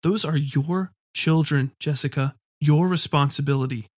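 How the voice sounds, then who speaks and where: A man's voice: a little high, normal speed, slightly rough, no echo, studio quality. A man voicing a controlling, menacing husband who speaks in a demanding way. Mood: insistent. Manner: demanding, then eerily calm.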